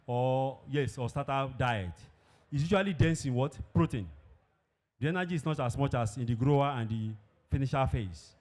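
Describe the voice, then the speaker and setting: A man's voice: medium pitch, a little mellow. A man presenting at an industry event in a hall, emphatic, often posing questions and answering them himself. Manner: emphatic, asks and answers his own questions. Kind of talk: conference presentation.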